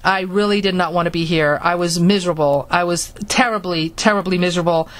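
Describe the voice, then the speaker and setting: A woman from Florida telling a personal story in a halting manner, with many restarts. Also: fairly low pitch. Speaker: speaker recounting her experiences.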